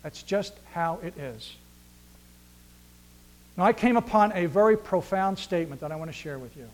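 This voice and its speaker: With a high, expressive voice at a moderate pace, a pastor preaches by swinging between loud stresses and soft near-whispers. Along the way he dramatizes dialogue and asks rhetorical questions.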